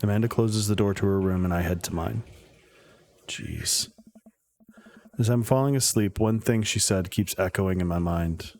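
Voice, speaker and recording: Guy reading a dating-sim aloud, jokey asides, kinda low voice. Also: moderate pace, pauses often, darkish tone, a little hiss or hum. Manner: playful, joking asides between read lines. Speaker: let's play narrator. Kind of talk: reading a story game aloud.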